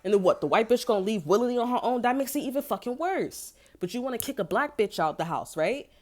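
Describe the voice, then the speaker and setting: A woman's voice: a little high, lively intonation, fast talker, darkish tone. A woman tarot reader ranting to camera in a casual, heated and profane way, rambling from one point to the next. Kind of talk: casual unscripted rant to camera.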